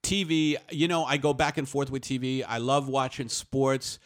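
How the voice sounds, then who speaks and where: A man's voice: medium pitch, level tone, moderate pace. A man and working actor in a loose, joking panel chat, laughing often and trailing off with "you know.". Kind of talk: casual comedic chat.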